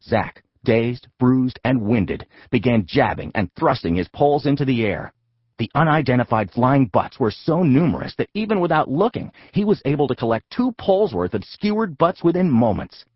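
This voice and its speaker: A man narrating a comic children's audiobook with a husky voice and a lively, playful storytelling manner. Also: mid-range voice, moderate pace, dry recording, muffled recording.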